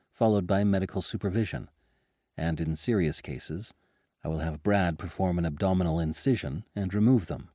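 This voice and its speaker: A man voicing an earnest, composed adult female doctor in a raised, gentle and measured voice. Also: sits low, no echo, clean studio sound.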